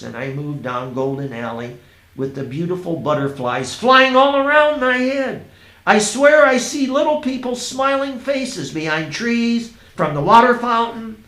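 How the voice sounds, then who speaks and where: A man reading his own first-person story aloud, in a dreamy, unhurried storytelling manner. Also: a little high, sharp tone. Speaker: narrator. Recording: roomy echo.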